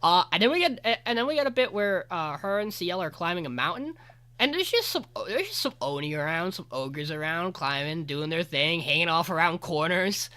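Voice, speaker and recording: A man's voice: fairly high pitch, sing-song, a little fast, sharp tone, clear, resonant tone. A man co-hosting a podcast, giving a rambling, casual anime episode recap full of fillers and the odd swear. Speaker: podcast co-host.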